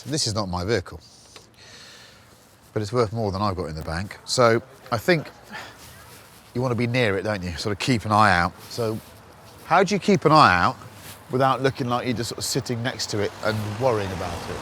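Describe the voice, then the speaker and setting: A man giving a chatty, self-mocking running commentary while driving, as a car reviewer host. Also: fairly low pitch. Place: inside a car and on a town street. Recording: loud car and traffic noise behind.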